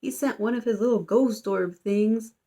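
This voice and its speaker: A woman's voice: fairly high pitch, normal speed, mellow, pitched above the performer's own voice, close to an everyday voice. A woman quoting a flustered, earnest schoolgirl in a slightly raised, whiny voice. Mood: grumbling.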